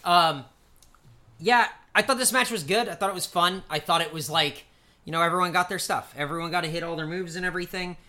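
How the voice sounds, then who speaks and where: A podcast co-host with a high-pitched, bright, forceful voice rattles briskly through a wrestling show play by play. The casual recap rambles, peppered with fillers and swearing.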